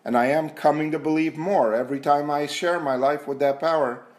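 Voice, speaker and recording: A man's voice: on the high side, steady tone, brisk. A man speaking earnestly at a recovery meeting, sharing in a conversational, self-questioning way. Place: meeting room.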